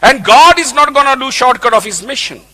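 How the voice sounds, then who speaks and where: A man's voice: very high-pitched, expressive, brisk, pushed and bright. A man preaching a sermon, emphatic and repeating his key points.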